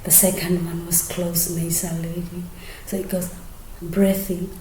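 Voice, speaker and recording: A woman explaining her singing technique in a soft, often half-whispered, hesitant way with many fillers. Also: lowish voice, monotone, unhurried. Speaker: singing teacher. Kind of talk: casual singing tutorial. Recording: roomy echo.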